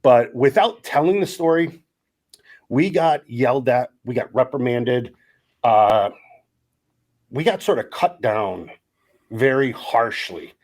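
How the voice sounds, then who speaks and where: A middle-aged man co-hosting a podcast, telling lively stories and acting out the quotes. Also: medium pitch, slow pace, pauses often. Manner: animated storyteller acting out quotes. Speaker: podcast co-host. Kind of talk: casual storytelling chat.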